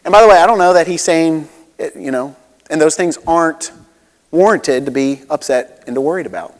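Male pastor, casual sermon delivery, mid-high voice, long church-hall reverb. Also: moderate pace. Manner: conversational, relatable, with many asides and restarts.

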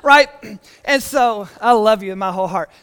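A man, preaching a sermon in church with lively storytelling and frequent restarts. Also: sits high, moderate pace, clear, resonant tone, in a large hall. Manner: animated storytelling with repeated restarts. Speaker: pastor.

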